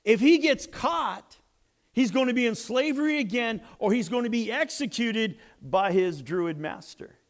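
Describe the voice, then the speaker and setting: A man with a high voice tells a story in a sermon. He keeps it animated, dropping to a hush and then rising loud again. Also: measured pace. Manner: animated, swings between hushed and loud. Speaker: preacher.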